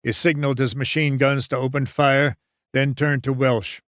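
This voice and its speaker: A man narrating an audiobook in a measured, dramatic storytelling manner. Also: medium pitch, level tone, a bit bright, no echo, clean studio sound. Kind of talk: scripted narration.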